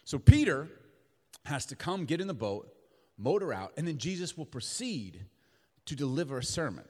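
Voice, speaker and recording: A man preaching a sermon in a church, animated, acting out the voices of the people in his story. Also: fairly high pitch, moderate pace, in a large hall. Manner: animated, acts out voices of Peter and Jesus. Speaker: pastor.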